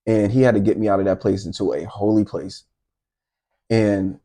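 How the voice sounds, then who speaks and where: A middle-aged man shares his testimony in a relaxed storytelling vlog, speaking straight to his audience. His voice sits low with a gravelly edge, and the tone is dark and mellow. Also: normal speed. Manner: animated, addresses viewers directly. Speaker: content creator telling his testimony. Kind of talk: casual storytelling to camera.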